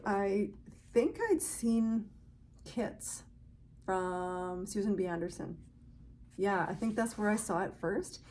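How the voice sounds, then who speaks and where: A woman's voice: medium pitch, steady tone, slow pace, pauses often, a little mellow, slight background noise. A woman hosting a knitting podcast, chatting casually to viewers in a gushing, grateful way.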